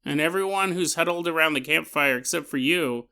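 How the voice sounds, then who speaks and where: A man hosts a podcast and tells a strange story casually. He jokes and slips into little acted scenes. His voice has a bright, forward tone. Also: on the high side, a little fast, clean tone. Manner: animated, joking, acts out scenes. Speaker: podcast host.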